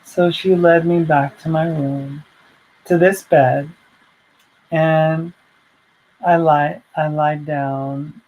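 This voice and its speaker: A woman's voice: deep voice, fairly even intonation, drawn-out words, pauses often, muffled recording, slight background noise. A woman vlogger telling a personal story in a heartfelt, rambling way, full of fillers and restarts.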